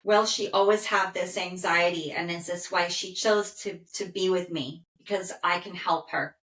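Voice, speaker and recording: Bright-voiced woman in a roomy echo. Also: lowish voice. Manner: calm, soothing, with frequent "okay" pauses. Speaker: animal communicator. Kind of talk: relaying a dog's messages in first person.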